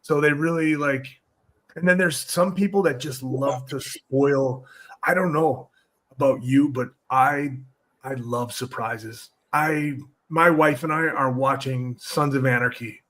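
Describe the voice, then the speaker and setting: A middle-aged man, a podcast guest, chatting casually in a relaxed, rambling way and often restarting his sentences. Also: mid-range voice, a little slow. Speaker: podcast guest, former wrestler. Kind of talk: casual interview chat.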